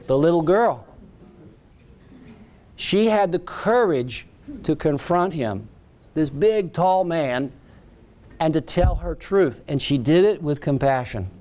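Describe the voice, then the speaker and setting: A man's voice: fairly high pitch, expressive, slow, long pauses, darkish tone. Man telling a story in a keynote speech. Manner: dramatic storyteller, short emphatic phrases. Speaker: keynote speaker.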